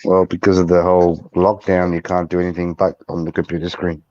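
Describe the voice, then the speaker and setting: A defensive man with a lowish voice presses others with pointed questions. His audio is dull and lo-fi, with a very dry sound. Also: level tone, fairly quick, warm tone, no echo. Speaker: live stream guest. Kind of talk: casual chat on a live stream.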